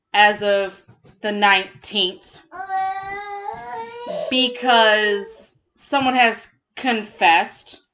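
A woman co-hosting a casual true-crime podcast from her couch at home, chatty and animated. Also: medium pitch, slight background noise. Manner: chatty, animated, laughs often. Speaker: podcast co-host. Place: home living room, on a couch.

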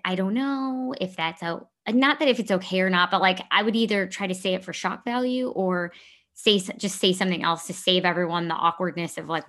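A woman's voice: on the low side, a bit bright. A woman talking candidly about her life in a casual chat, rambling and correcting herself as she goes. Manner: rambling, self-correcting, earnest.

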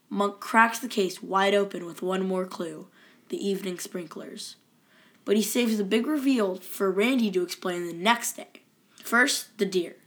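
A woman co-hosting a casual podcast, moving from a read-out episode summary into playful back-and-forth chat. Her voice sits at a middle pitch for a woman. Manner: reads a plot summary then chats playfully. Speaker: podcast co-host.

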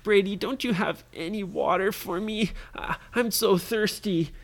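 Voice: medium pitch, measured pace, gravelly, pitched above the performer's own voice. Cast: storyteller as a poorly young boy, weak and stammering. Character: sick, thirsty young boy.

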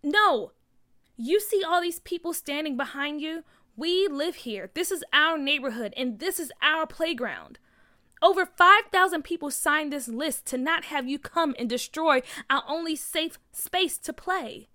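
Woman reader doing a plucky schoolgirl rallying her neighborhood; keep it high and bright. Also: expressive, a little slow, full character voice. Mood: defiant. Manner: eager, determined. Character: spirited young schoolgirl activist. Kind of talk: storybook read-aloud.

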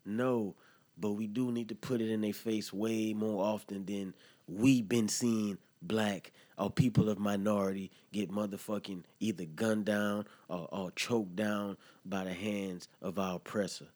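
A man's voice: on the low side, steady tone, unhurried, a little mellow. A man hosting a solo podcast, talking in heated, profane slang straight to his listeners. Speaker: podcast host. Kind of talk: impassioned solo podcast commentary.

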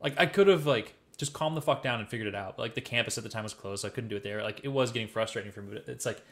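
A young man from the Midwest talks quickly in a loose, swearing podcast chat. He tells his stories with lively, animated energy, at a middling pitch. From American Midwest. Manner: profane, animated storytelling. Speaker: podcast co-host. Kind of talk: casual chat.

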